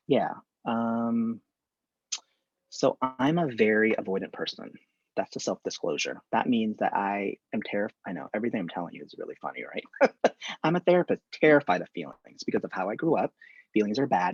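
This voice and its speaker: A man talking as a therapist in a live online conversation, candid and animated, acting out examples from his work. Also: on the low side, normal speed, slightly rough, dry recording, muffled recording.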